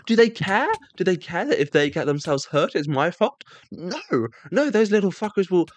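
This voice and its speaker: A young man telling a sarcastic comedic monologue, mock-self-righteous, breaking into shrill squeaky voices when he mimics kids. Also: sing-song, moderate pace, dry recording. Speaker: comedic storyteller.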